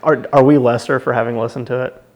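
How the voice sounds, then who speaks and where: A man's voice: mid-range voice, steady tone, quick pace. A man co-hosting a podcast, chatting casually and joking along with playful interjections. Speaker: podcast co-host. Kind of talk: casual chat.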